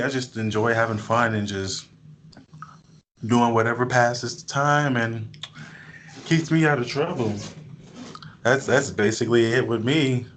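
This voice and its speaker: A young man from Newark with a New Jersey accent, hosting a casual chat in a relaxed, rambling way. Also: medium pitch, a little hiss or hum, rough recording. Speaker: host.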